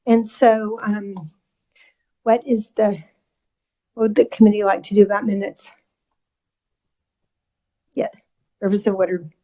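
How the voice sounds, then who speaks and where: A woman chairing a legislative committee hearing, a little out of breath, brisk and friendly as she runs the agenda. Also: medium pitch, little pitch movement, warm tone, poor audio.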